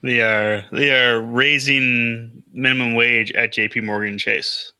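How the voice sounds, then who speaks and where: A man's voice: medium pitch, steady tone, slow, bright, forceful tone, clear, resonant tone, no room sound. A man co-hosting a podcast in casual chat, rambling and hesitant with lots of fillers and restarts. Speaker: podcast co-host.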